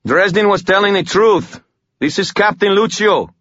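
A tough young warden speaks in blunt, urgent bursts, as a male reader plays him. The husky voice sits higher than the narrator's own. The recording is dry and slightly dull. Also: lively intonation, normal speed, fairly bright tone, no echo. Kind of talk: audiobook character voice.

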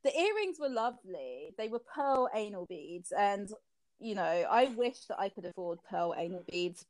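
A woman's voice: medium pitch, big pitch swings, moderate pace. A woman co-hosting a casual podcast, giggly and cheeky, swearing freely as she chats. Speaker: podcast co-host. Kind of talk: casual chat.

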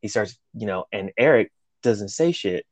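This co-host's fairly low voice moves at a normal speed as he shares a story in an animated, easygoing way, cursing often and performing the quotes. The recording is dry.

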